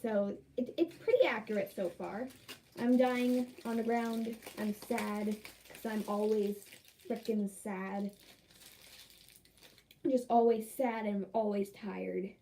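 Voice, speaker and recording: A woman's voice: mid-range voice, steady tone, takes it slowly, dark tone, a little hiss or hum, low-quality recording. A young woman chatting casually in a vlog, rambling and exasperated with lots of fillers. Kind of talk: casual vlog chat while dyeing hair.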